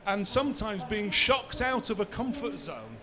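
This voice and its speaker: A man's voice: high-pitched, big pitch swings, measured pace, crowd noise. A man, giving a conversational conference talk and answering his own rhetorical questions. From Bradford, England. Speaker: seminar speaker.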